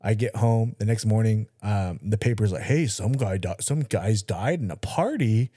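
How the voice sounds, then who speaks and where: A man's voice: lowish voice, normal speed, dark tone, slightly rough, dry recording. A man in his thirties tells a story on a podcast in loose, casual talk. He swears freely and acts out the people he quotes. The recording is dry and close to the mic. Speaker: podcast co-host.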